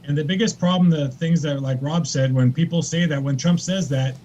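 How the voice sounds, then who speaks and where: A man's voice: a little high, brisk, darkish tone, lo-fi sound, a little hiss or hum. A man on a political panel, rambling and repeating himself.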